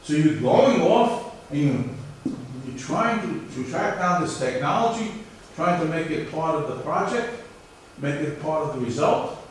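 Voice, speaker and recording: A man's voice: on the high side, lively intonation, moderate pace, slight background noise. Male professor, lecture delivery, rhetorical questions, heavy room echo, distant mic. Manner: repeats himself, asks rhetorical questions. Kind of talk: classroom lecture. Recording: echoey lecture hall, far from the mic.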